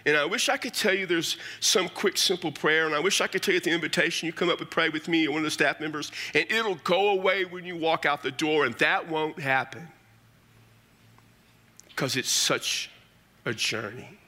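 Bright-voiced pastor telling his story. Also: fairly high pitch, moderate pace. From South Texas. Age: middle-aged. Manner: folksy storytelling, intimate and earnest. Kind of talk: personal testimony sermon.

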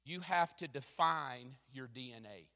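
A middle-aged man preaching a sermon as a pastor, animated and self-mocking as he tells stories, in a church. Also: medium pitch, measured pace, big-room sound.

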